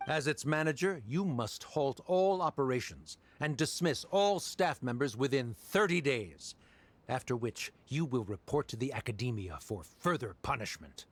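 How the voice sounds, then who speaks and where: A man's voice: mid-range voice, animated, normal speed, lightly acted. A condescending male official, as an actor plays him with a cold, haughty delivery. His mid-range voice swings widely for emphasis.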